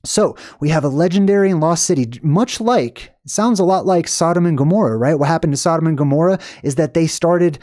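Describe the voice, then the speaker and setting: A man's voice: a little high, brisk, hardly any pauses, a little mellow, no echo, clean studio sound. A man hosting his own channel, explaining lore in a casual livestream lecture, rambling with many "um"s and asking "right?" to check in. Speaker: channel host.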